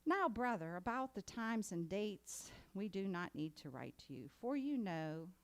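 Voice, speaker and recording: A woman's voice: medium pitch, sing-song, measured pace. A woman preaching a sermon in a conversational way that builds to emphatic exhortation. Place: congregation meeting hall.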